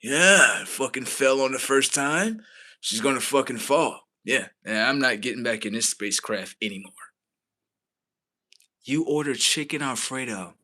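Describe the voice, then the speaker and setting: Unhurried yet animated, a man rants his way through a story for his stream, voicing other people's quotes himself. His tone is bright, his pitch moves up and down, and he curses freely with casual disbelief.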